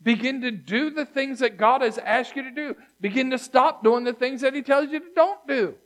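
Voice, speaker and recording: Male pastor with a high voice, conversational sermon, builds to loud emphasis then drops hushed. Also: moderate pace.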